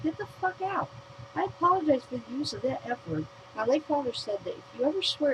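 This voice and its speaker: An outspoken American woman reads her own written rant aloud to the camera, blunt and heavy on swearing, at a middling pitch for a woman. A clear hum of vehicle noise runs under the whole noisy recording. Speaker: vlogger.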